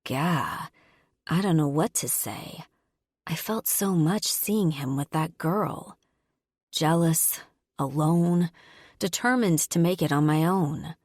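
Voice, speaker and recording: A woman narrating a first-person romance audiobook in a steady, even storytelling manner. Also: low-pitched, slow pace, no echo, clean studio sound.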